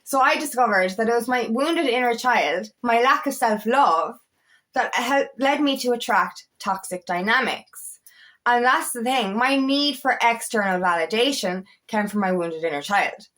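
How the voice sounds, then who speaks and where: A woman with a fairly high voice gives a casual, heartfelt monologue as a self-love coach. She swears freely and stumbles over repeated words as she thinks aloud. She swings from high, fervent peaks down to low, quiet asides. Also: expressive, unhurried. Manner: emphatic, swears freely, repeats words while finding them.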